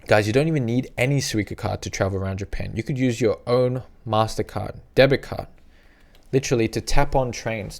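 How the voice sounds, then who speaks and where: A chatty man gives loose, rambling travel tips straight to the camera, with a gravelly edge to his voice. He sits at an everyday middle pitch, repeats himself often, and slips into a higher voice to act out little scenes. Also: fairly quick. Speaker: travel vlogger. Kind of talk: casual advice to camera.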